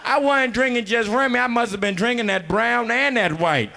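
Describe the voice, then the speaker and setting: A young man doing a loud, rowdy stand-up comedy set, laughing between punchlines. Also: extremely high pitch, normal speed, gravelly, background noise.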